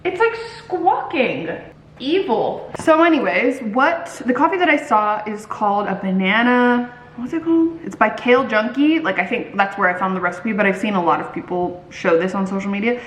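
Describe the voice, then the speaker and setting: A woman's voice: mid-range voice, brisk, fairly bright tone, reverberant, a little hiss or hum, poor audio. A woman in her thirties chatting casually in her home kitchen while she cooks, giggly and dramatic. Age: 30s. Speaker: vlogger. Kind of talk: casual chat.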